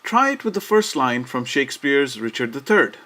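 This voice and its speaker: A man giving a scripted educational narration about verse, measured and steady, slowing down to recite quoted lines. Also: mid-range voice. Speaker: lecturer.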